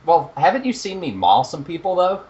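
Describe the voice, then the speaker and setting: A young man co-hosting a podcast in casual chat, animated and profane, laughing at his own jokes. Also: on the high side, brisk, dull audio. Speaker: podcast co-host.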